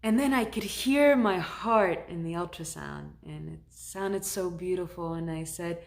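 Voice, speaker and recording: A woman who works as a shaman, recounting a personal story in a conversational, animated way. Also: on the low side, measured pace, creaky, hardly any pauses.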